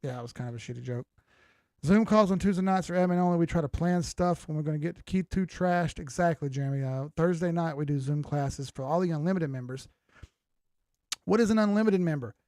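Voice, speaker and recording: A man's voice: a little high, a little fast, mellow, no room sound, clean studio sound. An older man hosting a crypto livestream, talking loosely and with profanity while reading out viewer comments. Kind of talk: casual livestream chat.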